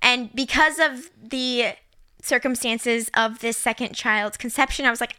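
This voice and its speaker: A young adult woman co-hosting a casual podcast chat, telling a story in lively fashion and acting out the voices of the people she quotes. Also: a little high, measured pace, smooth. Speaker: podcast co-host.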